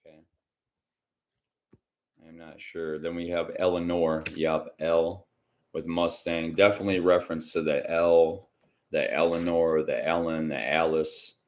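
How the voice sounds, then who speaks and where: Man, very low voice, rambling livestream chat, keeps clearing his throat, psychic reader at home. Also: level tone, measured pace. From Michigan. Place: indoors at home.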